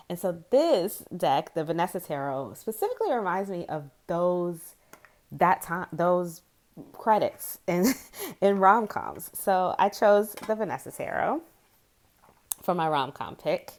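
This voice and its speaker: Chatty, rambling woman in her forties. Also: on the low side. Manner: rambling, chatty, many fillers and giggles. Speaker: tarot video creator. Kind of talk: casual chat to camera.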